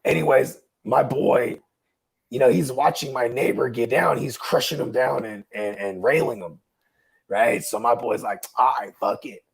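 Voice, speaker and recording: Gravelly rambling man telling a story. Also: medium pitch, normal speed. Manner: rambling, swearing, laughing at his own story. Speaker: podcast host. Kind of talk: casual storytelling.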